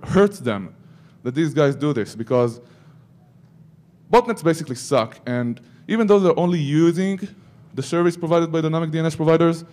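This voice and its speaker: A man's voice: fairly high pitch, darkish tone. A man giving a security conference talk, breaking into joking asides to the audience. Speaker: conference speaker.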